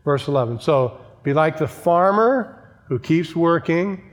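A man preaching a sermon in a large church hall, his fairly high voice ringing out with a long reverb. He leans on repetition and calls out to the congregation between points. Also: expressive, measured pace. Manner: emphatic preaching with repeated phrases and asides to the congregation. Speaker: pastor.

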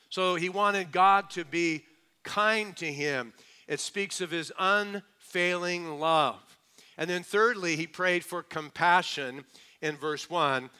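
A man preaching a sermon to a congregation, asking them questions and swinging between hushed, quick asides and slow, emphatic lines. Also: a little high, clear, resonant tone. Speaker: pastor.

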